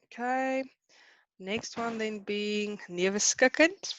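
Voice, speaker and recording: A woman with a South African accent teaching an online class, chatty and brisk, hurrying her students along. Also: mid-range voice, fairly bright tone, no room sound, dull audio. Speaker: Afrikaans teacher.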